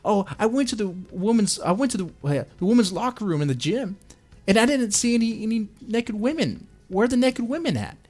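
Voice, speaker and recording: A man doing a shrill, whiny mocking voice. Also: expressive, fairly quick, a little mellow, soft background music. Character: mocking shrill imitation of an attention-seeking person.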